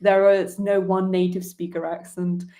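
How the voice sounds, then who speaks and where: A woman hosts a relaxed conversation with a somewhat low voice. She talks in a chatty way and chimes in often with agreement. She sums up and adds her own points as she goes. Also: measured pace. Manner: chatty, offers frequent agreement. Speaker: host. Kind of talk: conversational interview.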